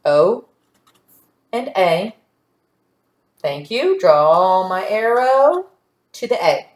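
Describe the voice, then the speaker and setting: A woman teaching a phonics lesson to young children, patient and sounding out word parts slowly. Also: mid-range voice, animated. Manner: slow, patient, stretching out sounds. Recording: echoey room.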